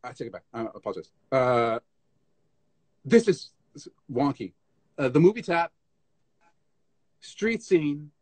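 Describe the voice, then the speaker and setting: A man as guest in a casual live interview, an animated storyteller who scats rhythms and restarts often, on a phone stream. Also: mid-range voice, unhurried, long pauses, husky, no echo. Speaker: guest tap dancer.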